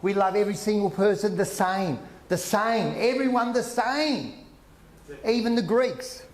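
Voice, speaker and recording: A man doing brash stand-up comedy at a live function, teasing the crowd with loud outbursts. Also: high voice, a little slow, slight background noise. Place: function room with a live audience. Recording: echoey room with audience.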